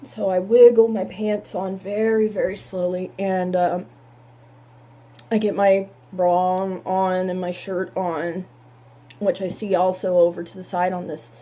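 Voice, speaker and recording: A woman telling a painful personal story in halting words, holding back tears. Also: lowish voice, flat delivery, warm tone.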